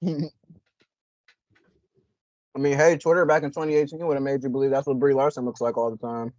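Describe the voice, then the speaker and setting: A young man co-hosting a casual reaction video, joking and rambling with loud laughs. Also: mid-range voice, level tone, rapid-fire, no room sound, lo-fi sound. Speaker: reaction channel co-host.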